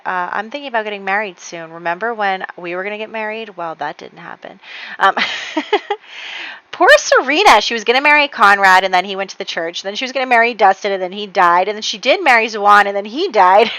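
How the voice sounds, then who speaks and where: A woman narrates her life-sim game in a loose, rambling way, full of fillers. Her voice is bright and forward, and the recording is dry and close. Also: medium pitch, no echo, muffled recording. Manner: rambling storyteller with many fillers. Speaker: let's play host.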